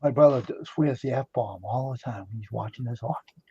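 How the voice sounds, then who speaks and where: A man's voice: mid-range voice, a little fast, dark tone, husky, dry recording, highs cut off. A man telling casual anecdotes on a stream, laughing easily as he talks. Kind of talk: casual chat.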